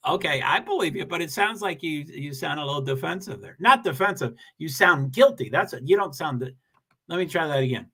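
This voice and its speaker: A man's voice: fairly high pitch, expressive, brisk, bright, forceful tone, husky. A man hosting a casual livestream, greeting viewers and reading their comments, talking in a rambling, self-deprecating way with many restarts.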